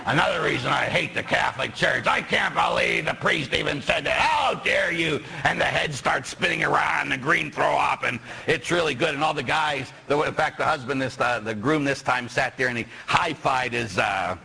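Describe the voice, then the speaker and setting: A middle-aged man preaching as a Catholic priest, telling stories and acting out quoted voices with sudden shouts. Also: medium pitch, normal speed, gravelly, few pauses, breathy edge, rough recording. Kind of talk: sermon.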